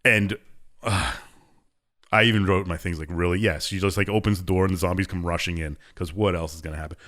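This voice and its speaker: Co-hosting a podcast, a man recaps a game's story in a relaxed, chatty manner, now and then briefly voicing its characters. His voice is low-pitched and a bit bright, with a steady tone and a slightly fast pace.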